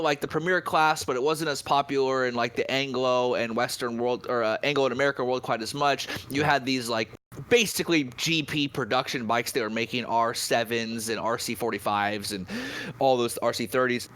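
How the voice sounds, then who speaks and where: A man in his thirties from Northern California, co-hosting a podcast with an excitable, slangy, heavily profane comedic rant. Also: mid-range voice. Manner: excitable, swears a lot, slangy storytelling. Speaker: podcast co-host.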